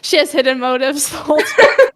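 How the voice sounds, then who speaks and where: A woman's voice: sits high, moderate pace. A young woman co-hosting a podcast in casual chat, playful and teasing, often restarting her sentences. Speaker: podcast co-host.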